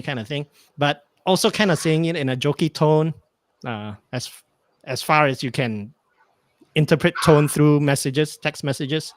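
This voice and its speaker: Man, guest; bright, dry-sounding voice, hesitant storyteller who acts out the dialogue. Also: on the high side, animated, measured pace, pauses often, dry recording. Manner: rambling, hesitant, many fillers, acts out dialogue. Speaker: podcast guest. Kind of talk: casual storytelling chat.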